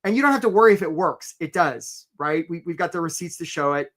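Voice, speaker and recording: A man hosting a live career webinar as a coach, energetic and upbeat, often tagging lines with "right?". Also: fairly high pitch, fast talker.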